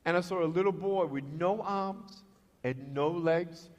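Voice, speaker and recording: A man with an Australian accent delivers a motivational speech in a notably high voice, telling his stories in a lively way with sound effects and acted-out dialogue. His voice rings with long reverb, as if he is speaking before an audience in a large hall. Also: unhurried.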